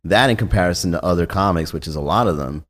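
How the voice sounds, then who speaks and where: Deep-voiced, laid-back podcast host. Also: male voice, quick pace. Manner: laid-back, profane storytelling. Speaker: comedy show booker and podcast host. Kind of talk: casual chat.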